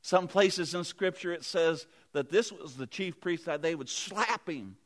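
A man's voice: on the high side, unhurried, a bit bright. A man preaching a sermon, retelling a Bible story earnestly and vividly with restarts.

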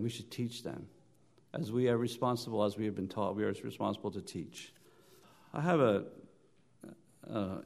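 A man preaching a sermon at an evening church service, his voice of middling pitch. He tells stories, often restarts and repeats words, climbs loud on emphasis and then drops low and soft. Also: vocal fry. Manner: storytelling, rising loud on emphasis and dropping soft.

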